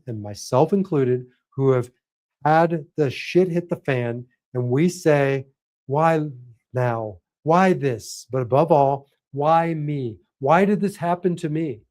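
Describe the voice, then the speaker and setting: A man's voice: mid-range voice, a little mellow. Earnest preacherly man. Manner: earnest, preacherly, emphatic repetitions. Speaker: host and life coach for men. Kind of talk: motivational talk.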